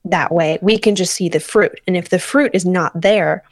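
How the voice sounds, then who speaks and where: A woman co-hosting a podcast, talking through her thoughts slowly and searching for the right words. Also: lowish voice, no room sound. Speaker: podcast co-host. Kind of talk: casual discussion.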